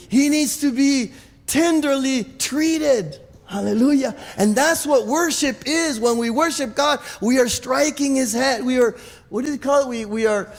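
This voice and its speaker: A man preaches in a high, gravelly voice. He is emphatic and repetitive, stumbling over restarts. His words ring with the long reverb of a church hall. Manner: emphatic, repetitive, with many restarts and stammered repeats. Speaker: pastor. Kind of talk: sermon.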